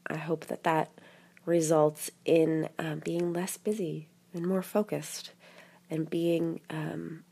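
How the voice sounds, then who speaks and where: A woman's voice: sits low, steady tone, takes it slowly, gravelly, dark tone, husky. A woman hosting a podcast alone, talking in a chatty, encouraging way with wry asides while sick and sucking a cough drop. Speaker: podcast host. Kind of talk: casual solo podcast monologue.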